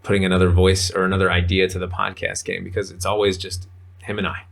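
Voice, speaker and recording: A man's voice: sits low, completely flat delivery, quick pace, creaky, a bit bright. A man talking as a podcast guest in casual, rambling conversation, full of fillers. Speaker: podcast guest, men's coach.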